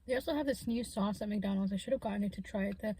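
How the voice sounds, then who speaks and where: A woman's voice: medium pitch, rapid-fire, warm tone, slightly rough, dry recording. A woman vlogger chatting casually while eating in a parked car, humming between bites. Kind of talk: casual eating-show chat.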